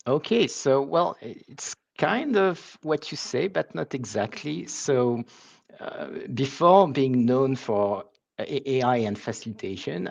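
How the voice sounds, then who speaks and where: A man's voice: mid-range voice, creaky, a little mellow, no room sound. Male guest, French accent, hesitant conversational delivery, dull, dry call-quality audio. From France. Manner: halting, restarts phrases, laughs easily. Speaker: guest facilitator. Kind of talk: casual interview chat.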